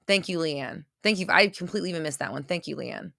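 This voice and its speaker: Fast and fairly low-pitched, this woman's voice carries vocal fry and a sharp edge, captured at studio quality with no room sound. She answers viewers' questions on an unscripted livestream, intense and blunt, repeating phrases for emphasis.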